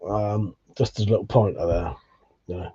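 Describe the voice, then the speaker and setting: A man's voice: fairly low pitch, unhurried, warm tone, slightly rough, muffled recording. A man hosting a livestream, reading viewer messages aloud and bantering with lots of swearing and jokes. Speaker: livestream host. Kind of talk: casual live chat reading viewer messages.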